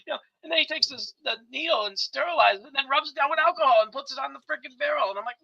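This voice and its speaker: Co-host, male, quick gravelly talker, bright tone, dull lo-fi audio. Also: very high voice. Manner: excitable storyteller, laughs often, animated ranting. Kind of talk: casual chat.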